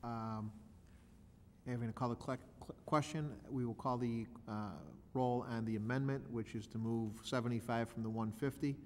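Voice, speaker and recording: A man serving as mayor, chairing a city council meeting and calling votes with halting, procedural speech. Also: medium pitch, fairly even intonation, a little mellow, a little hiss or hum. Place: council chamber. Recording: long reverb council chamber audio.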